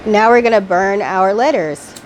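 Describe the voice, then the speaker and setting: A woman at a middle pitch walks viewers through a spiritual healing ritual in relaxed, everyday speech. Her tone stays gently instructive and unhurried. She reads her affirmations slowly and deliberately. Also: slight background noise. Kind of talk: guiding a ritual step by step.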